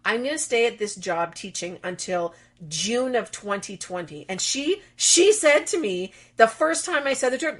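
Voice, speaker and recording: A middle-aged woman, a guest on an interview, who tells lively stories and acts out the dialogue she quotes. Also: on the high side, normal speed. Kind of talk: conversational interview.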